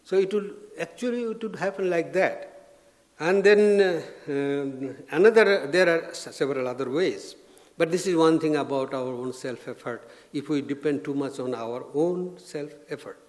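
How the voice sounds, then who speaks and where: A man, a swami, giving an informal spiritual talk, gentle and anecdotal with frequent restarts. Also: on the high side, moderate pace. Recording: long reverb of a lecture hall.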